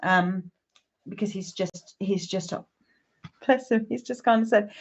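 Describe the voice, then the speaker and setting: A woman's voice: medium pitch, unhurried, pauses often. A woman with a mid-range voice, hosting a live-stream reading in an easy, chatty way. She greets viewers one by one. The sound is dull and lo-fi, like stream audio. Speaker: psychic medium.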